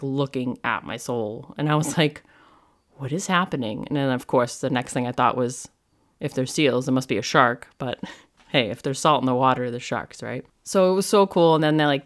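A woman hosting her own podcast in a casual, rambling monologue, often saying "like". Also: rumbling low. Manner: chatty and rambling, heavy use of "like". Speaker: podcast host and medium.

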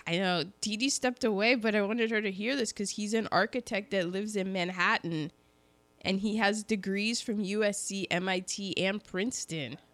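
Woman, casual podcast host, chatty, reads off movie facts, dry close sound, mid pitch. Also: a bit bright, no echo. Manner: chatty, reads out cast trivia with quick asides. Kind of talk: casual chat about an old film.

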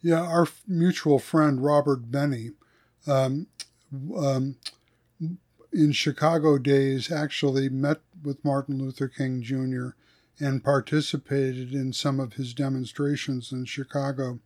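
A theologian thinks through ideas in a thoughtful podcast discussion, slowly reading out quotes. His voice is medium-pitched with fairly even intonation and a darkish tone.

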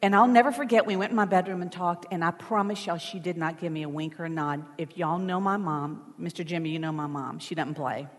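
A woman's voice: lowish voice, a little fast, few pauses. A woman telling a personal story in a sermon in a chatty, emotional way, with asides to the congregation. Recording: long church hall reverb.

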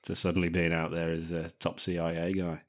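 A deep-voiced man co-hosting a casual film podcast. He teases and cracks jokes, often laughing as he talks, with a low, easygoing tone throughout. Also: monotone, fairly quick. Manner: jokey, laughs often, teasing. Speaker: podcast co-host. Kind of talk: casual film-review chat.

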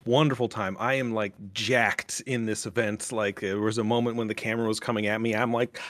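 A man's voice: lowish voice, level tone, fairly quick, fairly bright tone, no echo. Guy telling a wild story on a podcast, swears a lot, dry close sound. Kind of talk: casual storytelling chat.

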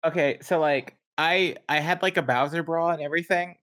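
Higher-pitched guy rambling, says like a lot. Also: steady tone, a little fast, a bit bright, a little hiss or hum. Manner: rambling, filler-heavy. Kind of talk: casual chat.

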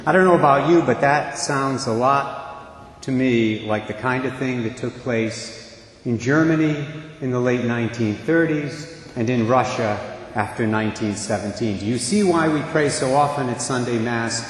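A man's voice: medium pitch, normal speed, slight background noise. A middle-aged man, a priest, giving a sermon in a church in an earnest, storytelling manner. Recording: echoey church with long reverb.

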